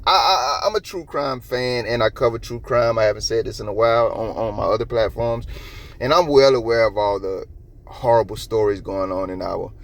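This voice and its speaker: A man's voice: mid-range voice, gravelly. Ranting Southern man with a Georgia accent. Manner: profane, ranting, heavy slang. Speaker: commentary host. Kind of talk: casual reaction commentary.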